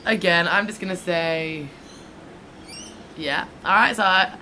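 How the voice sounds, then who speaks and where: A woman's voice: on the low side, unhurried, bright, forceful tone, a little hiss or hum, rough recording. A young woman co-hosting a podcast, teasing and blunt, swearing casually. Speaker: podcast co-host. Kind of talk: casual chat.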